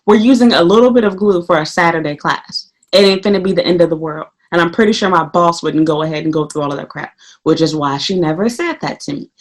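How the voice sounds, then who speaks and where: A woman vlogging casually, venting heatedly about her work as a teacher and swearing freely, her voice a little hoarse. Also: lowish voice, fast talker. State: slightly hoarse. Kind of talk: casual ranting vlog.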